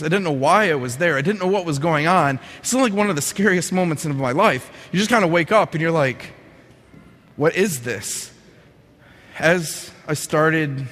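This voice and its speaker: A man's voice: on the high side, big-room sound. A young man telling a personal testimony in an earnest, vivid storytelling way. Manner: earnest, vivid storytelling with lively quoted inner thoughts. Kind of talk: personal testimony, told to an audience.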